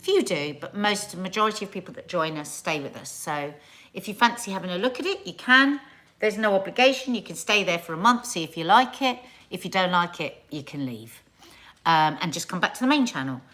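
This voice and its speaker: A woman's voice: fairly low pitch, lively intonation, a little fast, fairly bright tone. A middle-aged woman hosts a casual live stream. She chats loosely with her viewers, drifting between topics. Now and then she stretches out their names in a playful sing-song greeting. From England.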